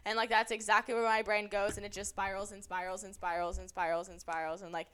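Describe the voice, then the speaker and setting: A woman's voice: medium pitch, fast talker, clear, resonant tone. A young woman co-hosting a podcast, telling stories in casual, profane chat with lots of energy. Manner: animated, profane storytelling. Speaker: podcast co-host.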